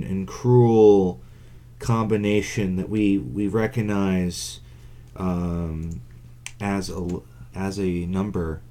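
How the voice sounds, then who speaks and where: A man co-hosting a gaming podcast, talking in a deadpan way with many halting restarts. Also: fairly low pitch. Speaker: podcast co-host. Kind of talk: casual gaming chat.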